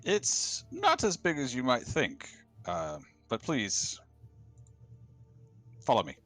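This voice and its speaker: Man as confrontational butler, formal and curt, mid pitch, tabletop game. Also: huge pitch swings, slow, fairly bright tone, soft background music, heavily acted. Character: stiff, confrontational male butler.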